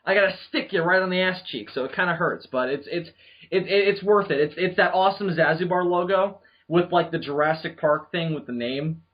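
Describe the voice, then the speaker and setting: A man's voice: sits high, fairly quick. A man hosting a casual podcast, rambling through crude jokes and laughing often. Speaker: podcast host. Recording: lo-fi muffled podcast audio.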